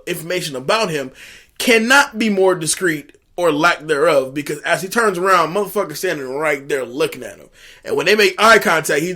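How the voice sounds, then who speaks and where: A man co-hosting a casual movie recap, animated and rambling, with many fillers and restarts. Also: a little high. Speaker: co-host.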